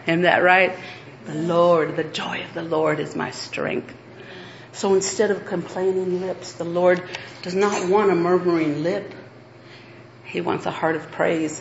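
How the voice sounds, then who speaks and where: A woman's voice: on the low side, gravelly, highs cut off, a little hiss or hum. Woman preaching to a women's group. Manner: earnest, animated, laughs while acting out stories. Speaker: women's ministry speaker. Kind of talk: sermon.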